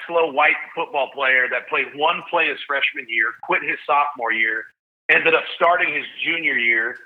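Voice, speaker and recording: A fairly high-voiced man in his forties from Tennessee tells a story casually, slangy and animated, acting out each voice he quotes. The sound is thin and tinny, like a phone line. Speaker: podcast guest.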